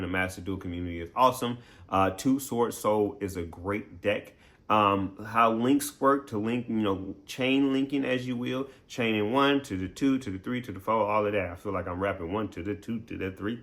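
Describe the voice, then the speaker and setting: Playful chatty man, bright voice. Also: on the low side, normal speed. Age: adult. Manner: playful and chatty, laughs often, acts out quoted voices. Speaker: game streamer. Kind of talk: casual recap talk to viewers.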